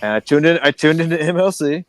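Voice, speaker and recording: A man co-hosting a podcast, ranting fast and swearing in casual banter. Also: a little high, lively intonation, no room sound. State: angry. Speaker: podcast co-host.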